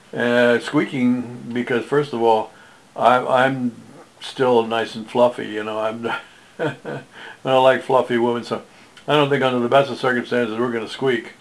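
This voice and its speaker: Gravelly-voiced man in his seventies, rambling. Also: medium pitch, fairly even intonation, measured pace, low-quality recording. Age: 70s. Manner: joking, self-mocking, wandering asides. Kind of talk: rambling casual monologue.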